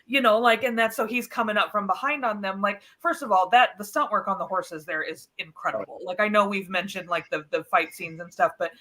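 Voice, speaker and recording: A woman guesting on a film podcast, chatting animatedly with quick asides and laughter. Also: medium pitch, bright, forceful tone. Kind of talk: casual film discussion.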